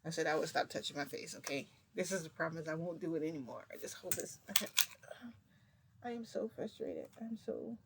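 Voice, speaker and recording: A woman's voice: sits low, moderate pace, noisy background. Emotional woman vlogger telling a story. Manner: emotional, rambling retelling with many "like"s. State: close to tears. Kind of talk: casual storytelling to camera.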